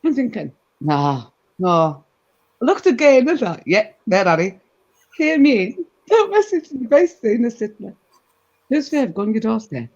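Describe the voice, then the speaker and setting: A woman telling a gossipy anecdote in a casual chat, animated and full of asides. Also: a little high, measured pace. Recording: dull lo-fi recording.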